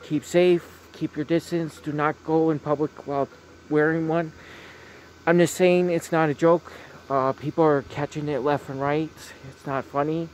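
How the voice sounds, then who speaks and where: A man giving a casual vlog tour of holiday decorations outdoors on a phone, talking gently and repeating himself often. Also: on the high side, steady tone, moderate pace, slight background noise. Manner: repetitive, gentle, keeps saying very very nice. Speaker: vlogger. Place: outdoors at night by a house.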